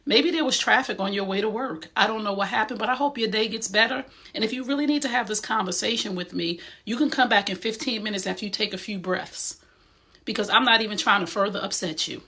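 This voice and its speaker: Bright-voiced New woman, emphatic. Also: medium pitch, fast talker, breathy edge. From Essex County, New Jersey. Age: middle-aged. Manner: direct and emphatic, streetwise. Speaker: host. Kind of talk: motivational talk.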